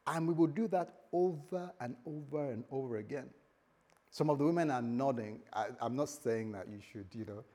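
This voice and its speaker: A man preaching a sermon, telling a story and acting out both sides of a conversation, dropping to a hush and then rising loud. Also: medium pitch, normal speed. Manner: storytelling, acts out dialogue, swings from hushed to loud. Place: church hall with a congregation. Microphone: recorded for the church website.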